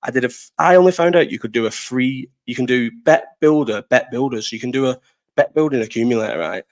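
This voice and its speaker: A man's voice: mid-range voice, quick pace. A young man from Bolton with a Lancashire accent, hosting a live stream and chatting casually to his viewers, rambling, swearing and laughing a lot. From Bolton, North West England. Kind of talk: casual chat answering live chat.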